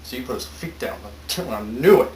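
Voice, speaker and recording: A man's voice: medium pitch, expressive, normal speed, a little mellow, echoey room, slight background noise, low-quality recording. A man reading a story aloud to friends in a playful, mock-dramatic way, cracking jokes between sentences. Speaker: story reader. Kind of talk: joking comedic reading aloud.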